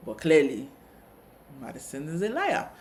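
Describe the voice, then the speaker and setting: A man co-hosting a casual TV review chat, retelling scenes with quick asides. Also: a little high, wildly swooping pitch, darkish tone, a little hiss or hum. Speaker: co-host of a TV review channel.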